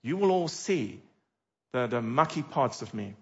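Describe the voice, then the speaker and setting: A middle-aged man preaching a sermon as a pastor, animated and full of dramatic rhetorical questions. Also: medium pitch, unhurried, vocal fry, muffled recording.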